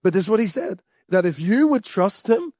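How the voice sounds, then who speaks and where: A man's voice: sits high, very animated, normal speed, a little mellow, dry recording, clean studio sound. A man preaching a sermon to a church, earnest and conversational, repeating his key phrases.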